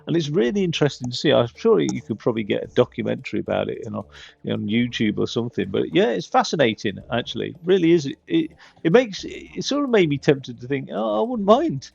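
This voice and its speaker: A man's voice: medium pitch, big pitch swings, fast, vocal fry, a little mellow, slightly rough, no room sound. A man giving casual, rambling gameplay commentary with chatty, self-mocking asides on a slightly dull, lo-fi mic. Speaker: gaming channel host.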